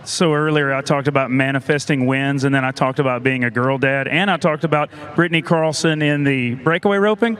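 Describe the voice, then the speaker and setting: A man's voice: medium pitch, brisk, hardly any pauses, fairly bright tone. A man analyst in a casual panel chat, joking and playful about his picks. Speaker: rodeo analyst.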